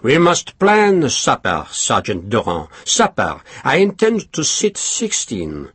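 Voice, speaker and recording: A genial French marshal, gentle and pleased with himself, as a man reads him aloud. The husky voice moves lively up and down and sounds dry and close. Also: mid-range voice, takes it slowly, no echo, full character voice.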